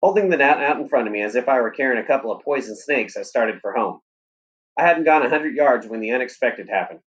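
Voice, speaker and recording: A male teacher reading a chapter of a novel aloud at a steady, plain pace. His voice sits at a middle pitch. The recording sounds dull and lo-fi. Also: fast talker. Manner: steady, plain storytelling delivery.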